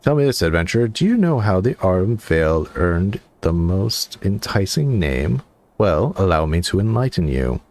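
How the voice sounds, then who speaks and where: Man reads sardonic, world-weary male guard, low voice. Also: sing-song, normal speed, a little mellow. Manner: sardonic, grim humor. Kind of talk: game dialogue read aloud.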